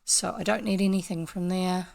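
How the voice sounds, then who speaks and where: A woman's voice: fairly low pitch, fairly even intonation, moderate pace, vocal fry, darkish tone. A woman with a New Zealand accent, chatting casually as she plays a video game and explains each step to her viewers. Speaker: gaming vlogger.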